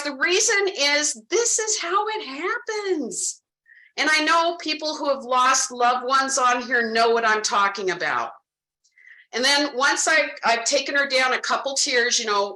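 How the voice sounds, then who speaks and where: Bright-voiced woman coaching sales, roomy echo. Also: sits high. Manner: animated, direct, addresses audience as "guys". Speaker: insurance sales trainer. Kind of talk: sales training talk with role-played client dialogue.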